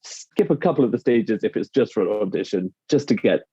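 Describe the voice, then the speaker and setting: A man's voice: fairly low pitch, lively intonation, a little fast, warm tone, husky, dry recording. A British man, a dialect coach, explaining his work in conversation and acting out quoted phrases. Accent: British English. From United Kingdom. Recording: slightly dull lo-fi sound.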